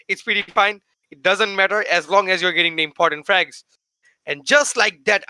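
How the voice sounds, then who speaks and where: A young man calls a live esports match in a high, very bright and cutting voice. He speaks in an excitable, casual manner and talks to his listeners like friends. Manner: excitable, casual, says "bro" to the audience. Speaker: esports caster. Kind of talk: live play-by-play commentary.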